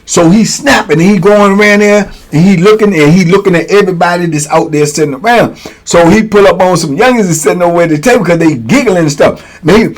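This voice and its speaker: A man's voice: high voice, fast, poor audio. A man casually telling a prison story, laid-back and slangy, breaking into laughs. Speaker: storyteller, host.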